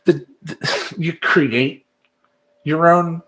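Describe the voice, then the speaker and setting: A man's voice: on the high side, very slow, bright, forceful tone. A man talking as a life coach in a rambling, emphatic monologue, acting out his clients and making sound effects. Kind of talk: casual monologue to camera.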